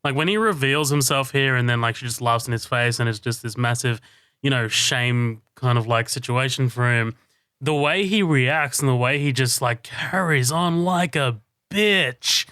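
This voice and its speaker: Rambling man with a bright voice. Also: mid-range voice, moderate pace, smooth, no echo, studio quality. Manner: rambling, filler-heavy, laughing, swearing. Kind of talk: casual film discussion.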